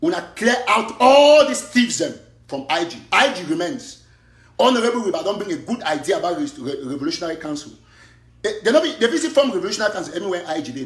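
An impassioned man with a Cameroonian Pidgin English accent rants in a high, strained register. He slides between pidgin and English, firing off bursts of argument. His voice bounces around an echoey room. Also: fairly bright tone. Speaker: online activist commentator. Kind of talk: fiery livestream monologue.

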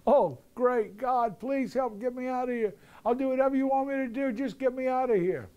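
Preacher doing a squeaky panicked cliff-hanger guy, begging for help. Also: normal speed, a little mellow, clear, resonant tone, dull audio. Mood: frantic. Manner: high, frantic pleading. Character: panicked man dangling from a cliff, pleading.

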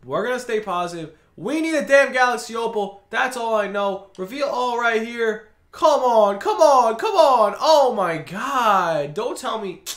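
A man's voice: very high-pitched, expressive, normal speed, few pauses, a bit bright. A man doing video game pack opening commentary, ranting in exasperation with frequent groans and sighs. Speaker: gaming video creator. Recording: roomy echoey recording.

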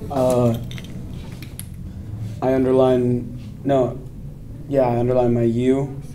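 Unsure teen boy, dark and flat. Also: mid-range voice, slow, a little hiss or hum. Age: teenager. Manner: hesitant, self-correcting. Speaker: student. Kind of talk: reading aloud in class. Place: school classroom.

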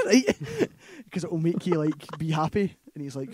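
A man's voice: fairly high pitch, lively intonation, brisk, hardly any pauses, mellow, dry recording. A man with a Scottish accent, co-hosting a casual movie chat and retelling a film plot in a loose, rambling way, full of "like" and "right?". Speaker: podcast co-host.

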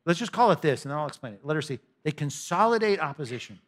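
A male pastor delivering a sermon in a relaxed, conversational way, slipping in jokes and asides. His voice sits a little high and moves a lot, rising and falling with each point. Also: quick pace. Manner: conversational, animated, humorous asides.

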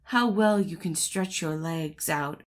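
A woman voicing a vain, boastful male shirt collar in a storybook, speaking with pompous, gushing flattery. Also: deep voice, slow pace.

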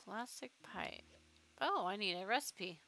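A young woman chats casually while she plays a game on stream. Her voice is bright and forward, pitched in an ordinary middle range, and she drifts between game remarks and stray thoughts with the odd swear. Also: animated, a little slow. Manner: chatty, swears casually, talks to her pet. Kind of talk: casual gameplay chat.

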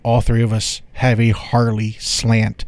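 A man's voice: mid-range voice, monotone, unhurried, darkish tone, dry recording. A man co-hosting a podcast who leads the talk and gives blunt opinions. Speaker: podcast co-host. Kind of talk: casual podcast chat.

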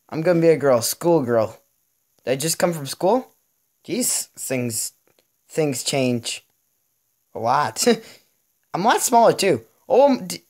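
A teenage boy talks through his game in a loose, casual way. He jokes at his own expense and fills the gaps with little hummed sound effects and running remarks on every move. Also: on the high side. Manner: chatty, jokey, narrates each move with little sound effects. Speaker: gaming channel host. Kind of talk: casual gameplay commentary.

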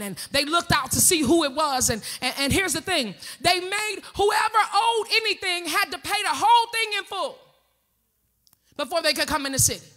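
A woman's voice: sits high, pushed and bright. A woman pastor, preaching an impassioned sermon in a church and calling out to the congregation. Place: church sanctuary.

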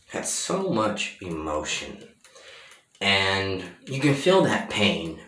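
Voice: low-pitched, a bit bright. A film reviewer giving a casual, exasperated rant about a movie, swearing freely, recorded in a bathroom. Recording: echoey bathroom sound.

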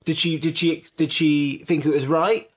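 A man co-hosting a casual podcast chat, playful and expressive, cracking jokes. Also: a little high, moderate pace. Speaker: podcast co-host.

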